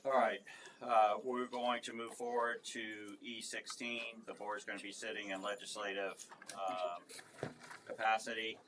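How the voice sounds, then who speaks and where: A male board chairman calling speakers and votes in a brisk, procedural way. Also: on the low side, level tone, background noise. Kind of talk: chairing a public meeting.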